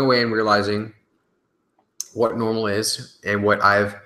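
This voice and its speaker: A man's voice: fairly low pitch, flat delivery, measured pace, long pauses, pushed and bright. A young man chatting casually on his live stream, reading out viewer questions and answering them loosely, with fillers and the odd swear word. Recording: echoey room.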